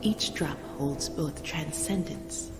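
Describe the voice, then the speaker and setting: In a whispered role-play, a frail, devout priestess breathes out her words in a low, gravelly whisper. She speaks slowly and solemnly. The game audio sounds roomy, with clear music behind her. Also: full character voice. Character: frail reverent woman, keeper of sacred rites.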